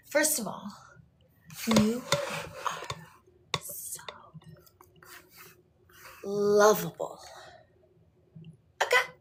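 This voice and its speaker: A middle-aged woman speaking tenderly to her viewers like a mother, often sinking to a whisper and then bursting out loud. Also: mid-range voice, background noise. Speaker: host talking to her viewers. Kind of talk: intimate motherly address to viewers.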